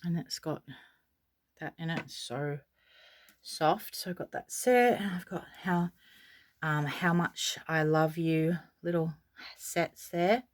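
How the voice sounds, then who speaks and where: An Australian woman talks her way through a casual tour of a nursery at home. Her voice sits a little low, and she gushes softly and rambles with plenty of fillers. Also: takes it slowly, long pauses. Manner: soft-spoken, gushing, rambling with fillers. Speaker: vlogger.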